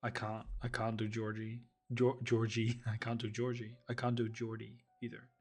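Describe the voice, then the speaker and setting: A man co-hosting a casual writing chat, thinking aloud in a halting way and poking fun at his own accent attempts. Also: mid-range voice, completely flat delivery, breathy edge. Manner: self-mocking about his own accents. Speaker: podcast co-host.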